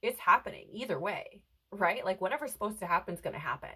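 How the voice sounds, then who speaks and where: A woman reads tarot cards for an unseen audience in an earnest, reassuring tone. Her pitch sits in the middle of the range for a woman. She keeps checking in with her listeners as she goes. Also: animated, quick pace, pushed and bright, breathy edge, rough recording. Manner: earnest, reassuring, says "right?" often. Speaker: tarot reader. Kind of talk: spiritual tarot reading. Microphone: headphones on, close mic.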